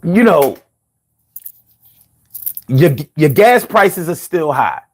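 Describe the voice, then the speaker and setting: Heated, profane high-voiced man. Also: very animated, very slow. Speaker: political commentator. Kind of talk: ranting commentary.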